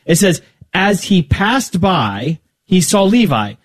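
A man's voice: high-pitched, very animated, slow. A man talking casually as a guest about his faith, often restarting sentences and acting out little conversations. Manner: rambling, restarts often, acts out dialogue. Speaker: podcast guest.

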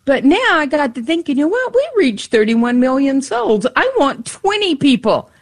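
Woman co-hosting a radio fundraiser, a bit high voice, chatty, keeps saying the number. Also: very animated, moderate pace. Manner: chatty, laughing, encouraging. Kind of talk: pledge drive appeal. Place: radio studio.

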